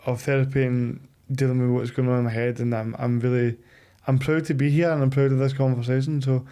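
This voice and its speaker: A man's voice: medium pitch, little pitch movement, a little fast, dark tone, clear, resonant tone. A man hosting a podcast in a heartfelt casual chat, often hesitating and repeating words. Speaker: podcast host.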